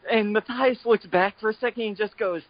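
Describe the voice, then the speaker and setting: A man co-hosting a casual podcast chat, excitable and acting out characters mid-sentence. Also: sits high, fairly quick, no room sound, lo-fi sound. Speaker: podcast co-host.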